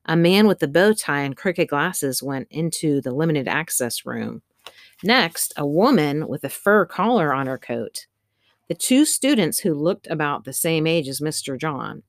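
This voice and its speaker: Low-voiced woman narrating a storybook. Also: no room sound, studio quality. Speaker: audiobook narrator. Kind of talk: scripted narration.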